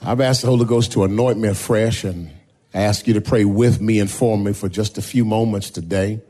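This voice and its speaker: A man preaching a sermon as pastor, drawing out key words slowly and building to loud, rising shouts. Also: on the low side, fairly even intonation. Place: church sanctuary.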